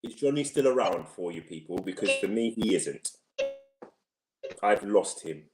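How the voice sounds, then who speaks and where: A man co-hosting a football talk livestream, chatty and quick to laugh. His pitch moves lively as he chimes in and agrees with his co-host. His voice carries a roomy echo. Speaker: co-host of a football discussion show. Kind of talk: casual sports chat on a livestream.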